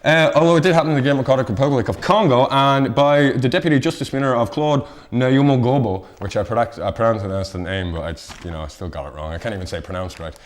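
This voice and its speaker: A man presenting a casual round-up of odd news stories on local TV, rambling and self-deprecating with quick asides. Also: mid-range voice. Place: local TV studio.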